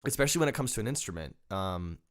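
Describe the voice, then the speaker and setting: A man's voice: fairly low pitch, animated, racing. A man hosting a podcast, talking through his thoughts casually, often restarting and repeating words. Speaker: podcast host. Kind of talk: casual conversation.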